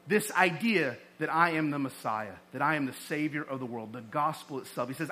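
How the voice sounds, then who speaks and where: Pastor, male, high bright voice, conversational sermon delivery with lively emphasis. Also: fairly quick, few pauses. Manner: conversational preaching, animated emphasis.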